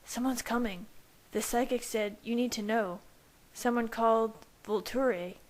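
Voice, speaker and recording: A woman's voice: a little high, unhurried, natural voice. A woman voicing an eager teenage male werewolf delivering an urgent warning.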